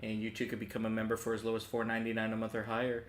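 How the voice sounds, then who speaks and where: A man's voice: lowish voice, monotone, racing, reverberant, a little hiss or hum. A man hosting a casual game livestream in an upbeat, chatty way, often laughing. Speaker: let's-play streamer.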